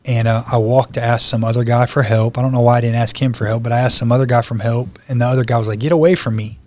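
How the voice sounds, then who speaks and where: A man in the guest seat of a podcast, telling his own story in plain, conversational speech. His pitch sits in an ordinary middle range, and he briefly acts out the lines of the people he meets. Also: little pitch movement, fast, darkish tone. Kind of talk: personal testimony.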